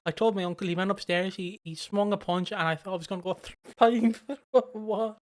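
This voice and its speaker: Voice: mid-range voice, huge pitch swings, moderate pace. A podcast co-host telling stories in a casual chat, rambling and swearing freely.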